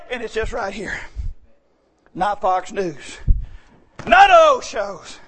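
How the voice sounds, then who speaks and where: A man's voice: sits high, very animated, takes it slowly, long pauses. A male pastor, preaching a sermon in an emphatic, folksy way. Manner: emphatic, folksy, bursts into shouting.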